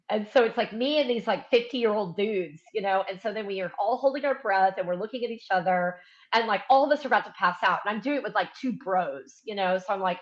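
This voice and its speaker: Woman, casual chat, animated storyteller, mid pitch, dull lo-fi sound. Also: normal speed. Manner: animated storyteller, many fillers.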